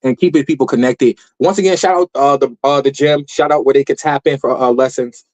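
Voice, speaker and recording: Fast-talking hyped podcast host man. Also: medium pitch, fairly even intonation, low-quality recording. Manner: hyped, slangy, repeats shout-outs. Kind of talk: casual podcast sign-off.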